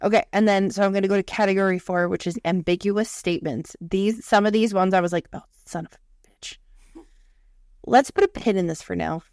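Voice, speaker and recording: A woman's voice: mid-range voice, fairly even intonation, quick pace, hardly any pauses, a little mellow, clear, resonant tone, no room sound. A young woman co-hosting a podcast, chatting casually with blunt, salty language and little voiced impressions of coworkers. Her voice sits in an ordinary middle range and is recorded close and dry, with no room sound. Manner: blunt and profane, acting out coworkers' lines. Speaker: podcast co-host. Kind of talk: casual chat.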